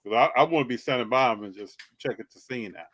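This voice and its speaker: A man's voice: medium pitch, fast, a bit bright. A man hosting a casual live-stream chat, talking in an upbeat, hyping way. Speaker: host.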